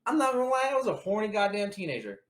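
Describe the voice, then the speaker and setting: A man's voice: high voice, big pitch swings, rapid-fire. A man co-hosting a casual movie chat, blunt and crude, swearing freely. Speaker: podcast co-host.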